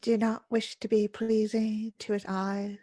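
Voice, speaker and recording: A woman's voice: medium pitch, flat delivery, a little slow, mellow, no room sound, pitched above the performer's own voice, lightly acted. A woman voicing an eerie female figure with diamond teeth, speaking in a coaxing, little-used whisper.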